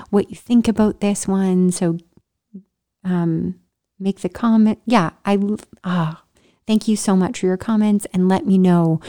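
A middle-aged woman tells her own story straight to camera with plenty of life, laughing often and sinking into a whisper to drive a point home. Her voice is dark and mellow rather than bright, and she sounds at ease the whole time. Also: mid-range voice. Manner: animated, laughing, drops into whispers for emphasis. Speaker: vlogger. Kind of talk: personal storytelling vlog.

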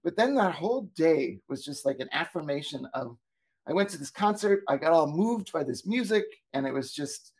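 A man, a former teacher co-hosting a talk show, telling stories in a lively, casual way and acting out what people said. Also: fairly high pitch, moderate pace. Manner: animated, acts out quoted dialogue. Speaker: podcast co-host, former teacher. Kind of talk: casual storytelling chat.

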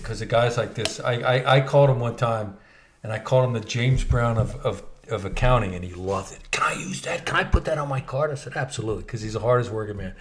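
A middle-aged man co-hosting a podcast, telling stories in casual chat, swearing freely and mimicking people's voices. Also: mid-range voice. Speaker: podcast co-host.

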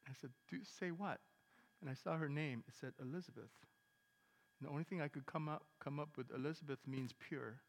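A man preaching a sermon as a pastor, telling a story in an animated way and acting out the dialogue with emphatic bursts. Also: fairly high pitch, fairly quick, long reverb tail. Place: church sanctuary.

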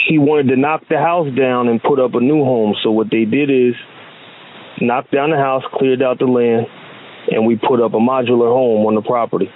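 A man from New Jersey talking casually and emphatically on a phone call, with many restarts. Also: mid-range voice. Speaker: phone guest. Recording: tinny phone line with faint hiss.

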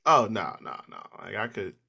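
A man co-hosting a wrestling podcast in casual chat, laid-back and quick to laugh, who also does a ring-announcer style introduction. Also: on the low side, big pitch swings, vocal fry, sharp tone, breathy edge. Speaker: podcast co-host.

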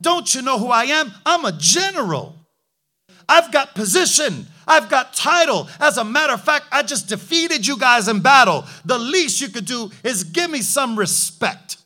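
A man's voice: extremely high pitch, big pitch swings, normal speed, bright, forceful tone, full character voice. A man voicing an arrogant army general who is indignant and demands respect, as part of a sermon.

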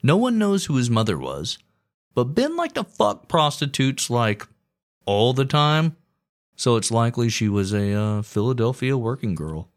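A man's voice: mid-range voice, big pitch swings, unhurried. A man hosting a podcast, telling history in a crude, irreverent comic way. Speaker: podcast host. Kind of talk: comedic history narration.

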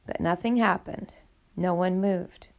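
A woman reading a novel aloud as audiobook narrator, in a steady, measured way with a gravelly voice. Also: on the low side, dull audio. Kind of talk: scripted narration.

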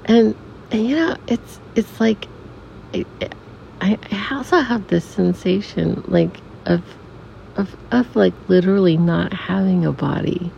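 A middle-aged woman telling a reflective personal story as a podcast guest, softly and haltingly, with many restarts and some near-whispers. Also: medium pitch, vocal fry. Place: room in a family home. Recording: dull recording with faint air conditioner hum. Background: air conditioner hum.

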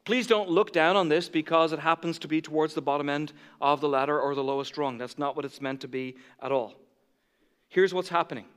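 High-voiced pastor preaching in a hall. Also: male voice, fairly quick, smooth. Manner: impassioned preaching that swells loud, then drops to soft asides. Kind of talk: sermon. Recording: church hall reverb.

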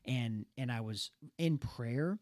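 A young man telling a personal story in a casual talk show, earnest and animated, stumbling and restarting as he goes. His voice sits at an ordinary middle pitch. The recording is dry and close. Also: slow, no room sound. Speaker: podcast co-host.

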